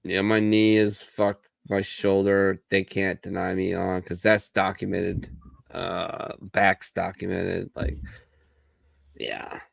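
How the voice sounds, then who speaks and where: A podcast host with a deep, creaky, level voice speaks slowly on a casual veterans' talk show that feels like bar chat. He swears freely and tells stories, acting out the voices of the people in them.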